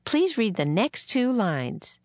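A woman voicing a gentle, earnest frontier schoolteacher in a storybook reading, a little above her own pitch. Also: sing-song, slow, no echo. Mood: kindly. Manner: gentle, encouraging, a little proper.

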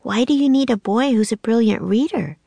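Woman putting on an eager, high little girl. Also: moderate pace, creaky, no echo. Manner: excited, pleading, rising questions. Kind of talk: storybook reading.

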